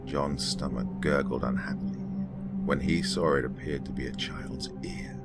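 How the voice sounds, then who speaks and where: A man with a British accent narrating a horror story in slow, dramatic tones that sometimes drop to a whisper. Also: rumbling low, fairly even intonation. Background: ambient music with singing bowl.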